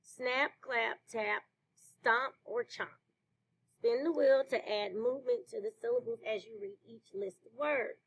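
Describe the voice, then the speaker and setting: A woman teacher leading a slow phonics lesson for children, praising answers. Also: a little high, poor audio. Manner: slow, clear classroom delivery with praise.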